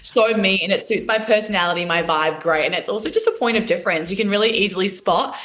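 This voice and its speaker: A woman's voice: medium pitch, fast, a bit bright. A young Australian woman guest, talking in a bubbly, gushing way in a casual interview. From Australia and New Zealand. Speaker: guest cheerleader.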